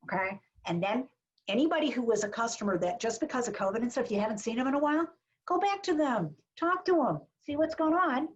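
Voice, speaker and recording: A woman's voice: on the high side, lively intonation, brisk. A woman marketing advisor giving a chatty, blunt webinar talk full of jokes and asides over a video call. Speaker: small business marketing advisor. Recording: dull lo-fi webinar audio.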